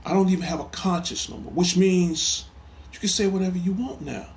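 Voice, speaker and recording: Gravelly man ranting on a stream. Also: sits high, brisk, darkish tone. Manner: emphatic, repeats phrases, heated toward a troll. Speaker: host of a gaming talk show. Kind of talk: casual live stream talk.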